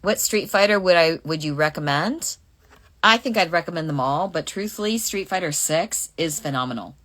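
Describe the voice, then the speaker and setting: A middle-aged woman with a notably low voice talks casually through a fan Q&A. She reads each question aloud and muses over her answers in a relaxed, chatty way. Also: normal speed. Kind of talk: casual livestream Q&A.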